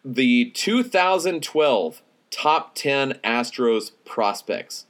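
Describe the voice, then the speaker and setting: A man's voice: mid-range voice, very animated, drawn-out words, a bit bright. A man co-hosting a casual sports podcast, chatting and teasingly quizzing his co-host.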